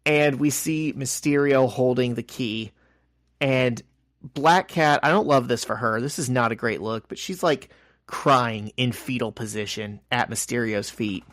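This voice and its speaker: A man's voice: mid-range voice, measured pace, no room sound, studio quality. A man co-hosting a podcast, casually recapping a comic and acting out the characters' lines. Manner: animated retelling, acting out quotes. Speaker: podcast co-host.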